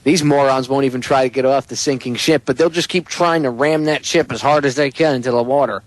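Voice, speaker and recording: A man's voice: mid-range voice, brisk, no echo, poor audio. A man hosting a talk radio show, ranting in an emphatic, sarcastic and profane way. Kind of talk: casual talk radio chat.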